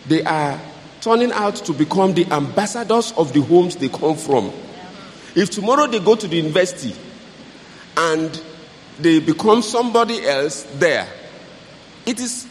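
High-voiced man preaching advice. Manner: earnest, exhorting. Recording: hall reverb, faint noise.

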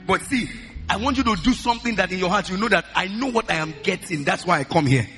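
A man preaching as a pastor, leading loud prayer with fervent, repeated declarations, each phrase often opened with "uh". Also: high-pitched, quick pace. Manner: repeats lines in a rhythmic chant. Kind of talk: sermon and loud congregational prayer.

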